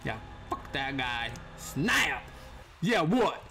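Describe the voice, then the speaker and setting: A man's voice: on the high side, sing-song, extremely slow, gravelly, music in the background. A young man casually commenting on a survival game, slangy and prone to sudden startled yelps. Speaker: gaming channel host. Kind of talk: gameplay commentary.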